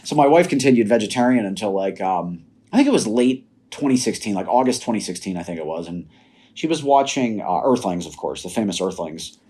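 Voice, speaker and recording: A young adult man, a podcast guest, telling personal stories in a casual, animated way and laughing now and then. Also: on the low side, fairly quick, breathy edge. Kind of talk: casual storytelling.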